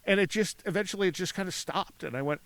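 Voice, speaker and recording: Animated storytelling man, fairly high voice. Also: fast, no echo. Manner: animated, acts out voices in his anecdotes, laughs often. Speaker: podcast guest. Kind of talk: casual storytelling. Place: outdoors at a cemetery.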